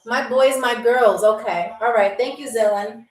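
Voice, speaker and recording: A playful woman from New York hosts a live-stream game show, her high voice chatting easily with viewers. She sits back from the mic in a roomy, echoey space. Soft music plays underneath. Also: fairly even intonation, measured pace, recorded from a distance.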